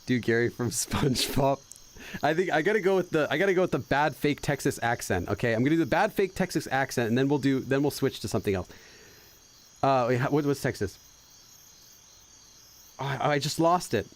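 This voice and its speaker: A man's voice: mid-range voice, expressive, a little fast. A man hosting a casual let's-play, translating game dialogue aloud and laughing as he loses his train of thought. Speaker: gaming channel host.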